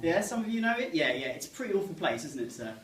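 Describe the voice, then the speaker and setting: A man's voice: fairly high pitch, big pitch swings, quick pace, a bit bright, slight background noise. A man, doing chatty, self-mocking stand-up and joking with the audience. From England, Medway Towns in Kent. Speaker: stand-up comedian. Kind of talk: stand-up comedy to a live audience. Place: live comedy room with an audience. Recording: roomy sound, mic at a distance.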